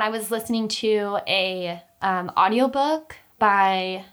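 A woman's voice: mid-range voice, takes it slowly, hardly any pauses, a bit bright. A young woman telling a personal story in casual chat, talkative, with many fillers and restarts. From Utah, US.

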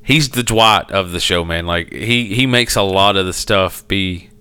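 A foul-mouthed man in loose, casual chat with a friend. His voice is bright and smooth, and he acts out the people in his stories by leaping up in pitch. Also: a little slow. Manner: animated storyteller, swears a lot, acts out quoted people in a high voice. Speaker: podcast co-host.

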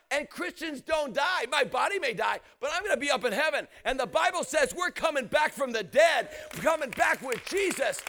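A man preaching an energetic storytelling sermon, often shouting, acting out quotes and laughing. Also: very high-pitched, normal speed, few pauses.

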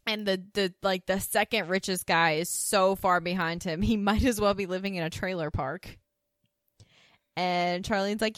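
A woman's voice: mid-range voice, steady tone, no echo, studio quality. A woman co-hosting a podcast, casually recapping a TV episode and acting out the characters' lines with laughs. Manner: acts out character lines in quick quoted bursts, laughs often. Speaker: podcast co-host.

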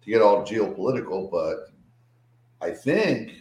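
An American man co-hosting a casual podcast chat over a video call, enthusiastic and quick to repeat his praise. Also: on the low side, very animated, darkish tone, roomy sound, low-quality recording. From United States.

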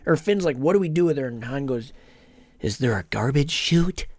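Brief: mid-pitched podcast co-host, lively recapper, dry sound. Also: no room sound. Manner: retells scenes with quick impressions of characters. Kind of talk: casual movie recap.

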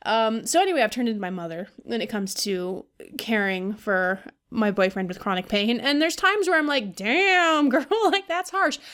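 In a casual podcast monologue, the female host speaks in a mid-range voice at a moderate clip, barely pausing. She's venting, cursing heavily and breaking into laughs.

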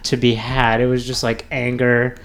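Chill guy cohost, average pitch, jokey, lots of ums and likes. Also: monotone, normal speed. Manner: laid-back, joking, filler-heavy. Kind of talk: casual chat.

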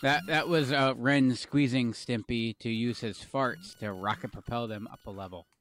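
A man co-hosting a podcast, chatting casually with quick asides and easy laughter. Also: medium pitch, steady tone, fairly bright tone, a little hiss or hum. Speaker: podcast co-host. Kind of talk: casual chat.

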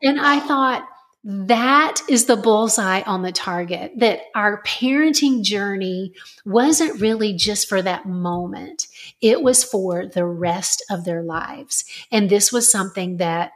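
A woman's voice: mid-range voice, slow. A middle-aged woman, a parenting author, earnestly telling a family story as a podcast guest. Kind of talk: conversational storytelling.

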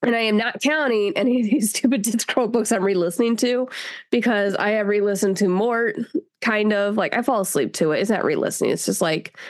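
A woman's voice: medium pitch, fairly quick. A woman co-hosting a podcast, chatting playfully about books, teasing her friend and acting out scenes. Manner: playful, teasing, acts out quotes. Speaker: podcast co-host. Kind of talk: casual chat about books.

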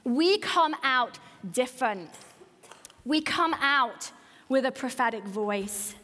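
A woman's voice: high-pitched, expressive, slow pace, bright, forceful tone. A woman pastor preaching a sermon, earnest and building with repeated phrases. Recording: hall reverb.

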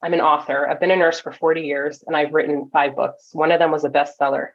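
A woman from Toronto, a nurse coach, telling a story as a podcast guest, animated and full of quick asides. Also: low voice. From Toronto, Canada. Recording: dull lo-fi audio.

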